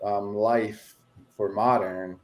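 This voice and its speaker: A man's voice: lowish voice, steady tone, slow. A man co-hosting a casual chat about collecting, talking hesitantly with many fillers. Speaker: podcast co-host, card collector. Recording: echoey room.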